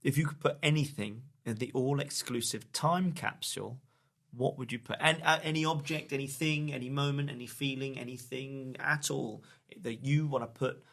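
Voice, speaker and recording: A man's voice: medium pitch, normal speed, gravelly, a bit bright. A man hosting a podcast, asking questions in a playful, teasing way. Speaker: podcast host. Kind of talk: casual interview chat.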